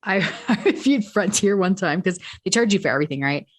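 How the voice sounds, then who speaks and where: A woman co-hosting a casual chat podcast, telling stories in an animated way and acting out the exchanges. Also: medium pitch, a little fast. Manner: animated storyteller, acts out quoted exchanges. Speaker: podcast co-host.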